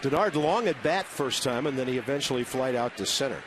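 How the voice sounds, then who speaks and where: A man calling baseball play-by-play from a ballpark booth, brisk and conversational with wry asides. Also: mid-range voice, lively intonation. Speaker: play-by-play announcer. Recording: noisy broadcast audio.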